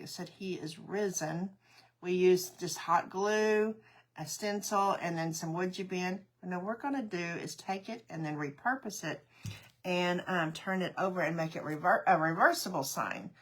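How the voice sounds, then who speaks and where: A woman's voice: medium pitch, a bit bright. Chatty woman hosting a craft stream. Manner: chatty, greets viewers by name, laughs often. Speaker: craft livestream host. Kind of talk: casual livestream chat.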